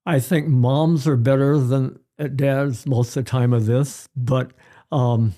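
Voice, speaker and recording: An older man, a pediatrician guest, telling stories in an unhurried way and repeating his key phrases during an interview. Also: mid-range voice, steady tone, warm tone. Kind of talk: conversational interview.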